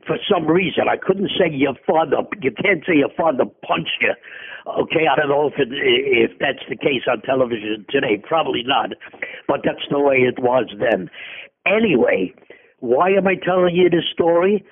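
Older male guest, gravelly and husky, rambling storyteller, tinny phone-line sound. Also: medium pitch, normal speed. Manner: rambling, animated storytelling with tangents and self-corrections. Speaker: interview guest. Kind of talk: storytelling in a conversation.

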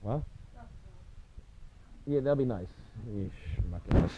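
A man's voice: lowish voice, lively intonation, slow pace, heavy background noise. A middle-aged man hosting a sports podcast in casual chat, blunt and opinionated, swearing freely, on a dull lo-fi recording. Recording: dull lo-fi sound.

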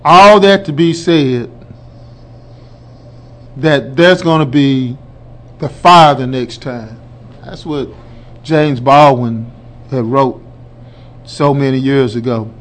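A man hosting a radio show talks politics in a colloquial, forceful monologue that climbs to loud declarations, calling listeners folks. His mid-range voice moves slowly, with long pauses.

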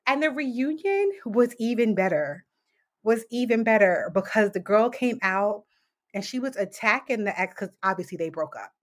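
A woman's voice: fairly high pitch, normal speed. A woman in her thirties co-hosting a podcast in casual chat, acting out quotes and laughing often. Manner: animated, laughing, acts out quotes. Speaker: podcast co-host.

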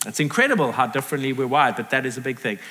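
Animated male preacher in a big hall. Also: mid-range voice, rapid-fire, a little hiss or hum. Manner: animated, acts out quoted voices. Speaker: pastor. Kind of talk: sermon. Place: large hall with audience. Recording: reverberant hall.

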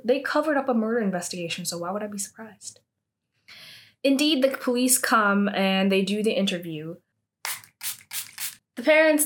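A woman's voice: on the high side, a bit bright. A woman casually recapping a drama plot, chatty and peppering her talk with "like". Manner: chatty, heavy use of 'like' fillers.

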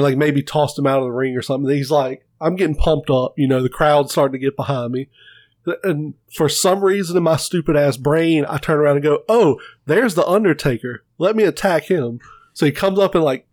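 A man on a casual podcast tells stories with plenty of swearing, slipping into the voices of the people he quotes. His voice sits a little high for a man. The sound is dry and close, with no room echo. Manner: profane, animated retelling with quoted voices. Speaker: podcast co-host. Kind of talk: casual chat, storytelling.

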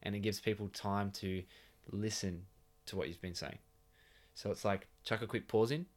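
Low-voiced Australian man, blunt and sweary. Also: steady tone, normal speed. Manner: blunt and casual, swears freely. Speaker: podcast co-host. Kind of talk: casual podcast chat. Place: home bedroom.

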